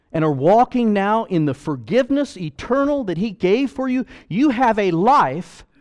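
A man's voice: high voice, a little mellow. A man preaching a sermon as pastor, emphatic and pleading, full of rhetorical questions.

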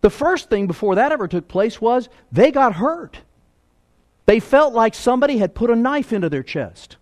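Animated high-voiced man preaching. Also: moderate pace. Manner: animated preaching, swings between loud and hushed. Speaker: pastor. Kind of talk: sermon.

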